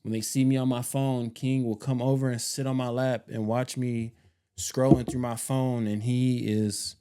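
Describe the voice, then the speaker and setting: Male vlog host, 30s, mellow smooth voice, casual rambling delivery with slang. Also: medium pitch, level tone, normal speed. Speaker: homestead channel host.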